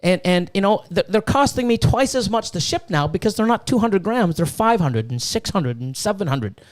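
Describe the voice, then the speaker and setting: A man's voice: high-pitched, lively intonation, moderate pace. A man hosting a podcast, ranting heatedly with lots of swearing and stumbling restarts. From Canada. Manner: heated, profane, full of restarts. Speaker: podcast host and snake breeder. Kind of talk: casual podcast rant.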